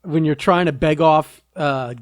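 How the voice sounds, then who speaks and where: Man, podcast co-host, slightly high voice, joking, casual chat. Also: unhurried, no echo. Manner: joking, laughing, encouraging.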